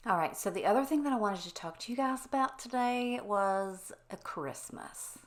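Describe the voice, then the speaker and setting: A woman's voice: deep voice, fairly bright tone. A middle-aged woman chatting casually to her viewers in a voice-over, rambling candidly and drifting off on tangents. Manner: candid and conversational, addresses viewers directly. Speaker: home cleaning vlogger.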